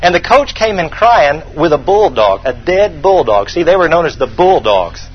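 A man's voice: on the high side, sing-song, moderate pace, lo-fi sound, slight background noise. A man preaching a sermon as pastor, emphatic and repeating his key points for the congregation to write down.

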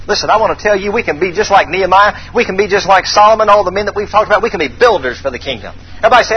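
High, animated preacher man. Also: rapid-fire, hardly any pauses, dull audio, a little hiss or hum. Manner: animated call-and-response preaching, dramatic scripture reading. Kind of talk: sermon.

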